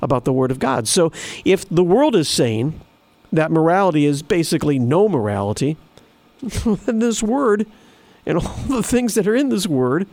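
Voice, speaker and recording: A man's voice: on the high side, sing-song, moderate pace, darkish tone, no echo. A man preaching a sermon in an earnest, emphatic way, repeating phrases for stress. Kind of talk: sermon with scripture reading.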